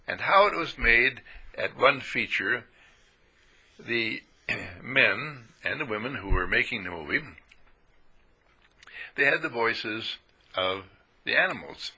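A man preaching a folksy spiritual sermon, animated and playful, swooping into high voices for sheep and characters. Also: gravelly, husky, low-quality recording.

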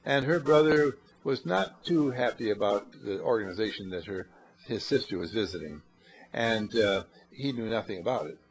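A man's voice: expressive, normal speed, husky, rough recording. A man giving a rambling spiritual sermon, acting out little dialogues and often restarting his words. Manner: rambling, acts out little dialogues with shifting pitch. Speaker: spiritual teacher.

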